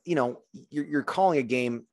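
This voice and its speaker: A man's voice: mid-range voice, moderate pace, no echo, studio quality. A man, a former wide receiver now in broadcasting, explaining the game in detail in casual podcast talk. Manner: thoughtful, explains in detail with many restarts. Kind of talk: casual sports podcast chat.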